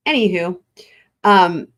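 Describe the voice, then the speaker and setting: Chatty woman with a lively, animated voice. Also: medium pitch. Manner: chatty, rambling, laughs often. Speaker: livestream host. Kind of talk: casual livestream chat.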